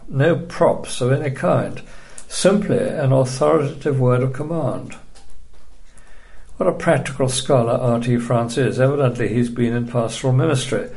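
A man teaching a recorded Bible study lecture, measured and emphatic, dryly dismissive of opposing views. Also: mid-range voice, gravelly, a little mellow.

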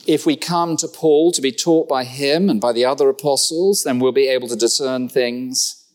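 A middle-aged man preaching from the pulpit. His delivery is conversational and animated, full of rhetorical questions and dry, humorous asides. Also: mid-range voice, moderate pace. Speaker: pastor. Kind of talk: sermon.

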